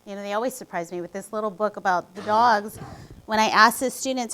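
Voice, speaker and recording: A woman's voice: mid-range voice, quick pace, fairly bright tone, a little hiss or hum, rough recording. A woman presenting to teachers in a conversational way and setting them a partner task. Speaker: literacy presenter. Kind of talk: professional development talk.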